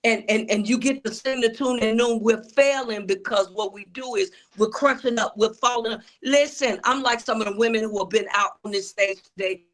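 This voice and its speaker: A woman's voice: a little high, moderate pace, few pauses. A woman, an author and preacher, telling her story in a preachy way and calling out to the crowd. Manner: preachy, addresses audience as y'all. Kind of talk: testimony-style interview talk.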